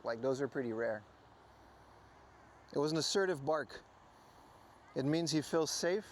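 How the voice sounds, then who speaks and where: Chatty man streaming outdoors. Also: fairly high pitch. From Netherlands. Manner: chatty, talks to viewers while fixing his mic. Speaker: livestream host. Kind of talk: casual IRL livestream talk. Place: outdoors by the ocean. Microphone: clip mic on his hat. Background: wind.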